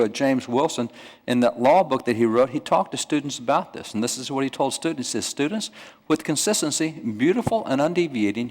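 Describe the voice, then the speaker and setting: A man giving an emphatic lecture to a church audience, repeating his points with rising stress. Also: mid-range voice. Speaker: guest speaker. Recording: long reverb of a church hall.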